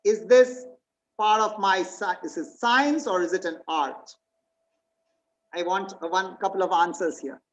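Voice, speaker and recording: A woman's voice: fairly low pitch, measured pace, poor audio. A woman giving an online presentation, reading slide points and quizzing her listeners. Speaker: webinar presenter.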